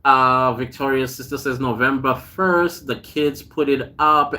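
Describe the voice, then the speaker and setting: A man's voice: mid-range voice, takes it slowly, few pauses, pushed and bright. A man hosting a casual live stream, greeting viewers by name, reading their comments aloud and telling chatty stories with frequent laughs. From South Africa. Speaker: host.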